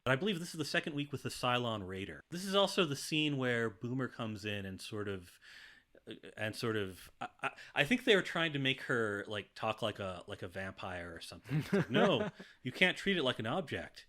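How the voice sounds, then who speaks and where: A man's voice: mid-range voice, animated, a little fast, bright, forceful tone. A man co-hosting a podcast, chatting casually and animatedly, acting out quotes from a show with laughs. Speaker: podcast co-host. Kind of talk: casual chat.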